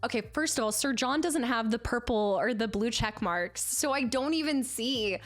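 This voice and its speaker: A woman's voice: fairly high pitch, normal speed. A young woman streamer chatting casually, telling a long story with lots of laughter. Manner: animated storytelling, frequent laughter. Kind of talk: casual chat.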